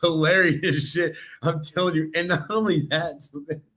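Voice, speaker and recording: Excitable laughing man. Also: on the high side, moderate pace. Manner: excitable, laughs often, swears. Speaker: podcast co-host. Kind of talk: casual chat.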